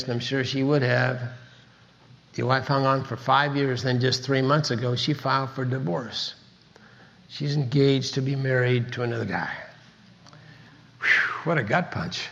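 A man's voice: medium pitch, normal speed, vocal fry, fairly bright tone, dull audio. An older man from Kansas giving an earnest motivational talk, telling his story with emphatic repetition. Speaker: speaker.

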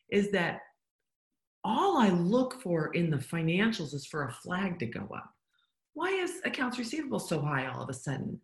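Emphatic woman coaching in an echoey room. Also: on the low side. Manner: emphatic, asks the listener rhetorical questions. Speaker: business coach. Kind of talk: motivational business talk.

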